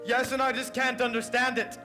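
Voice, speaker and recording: A man's voice: extremely high pitch, flat delivery, fairly quick, music in the background. A young man in a school musical playing an earnest, pleading groom. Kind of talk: high school musical stage acting.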